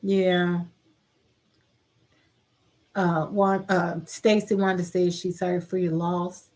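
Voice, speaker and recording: A woman's voice: on the low side, level tone, takes it slowly, a little mellow. A middle-aged woman hosting a casual live-stream chat, reading viewer comments aloud in a heartfelt, caring way.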